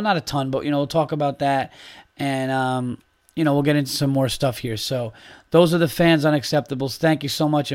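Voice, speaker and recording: A man hosting his own podcast, ranting in a heated, casual way and swearing freely. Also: mid-range voice. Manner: animated, heated ranting with profanity. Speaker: podcast host. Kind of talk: casual solo podcast rant.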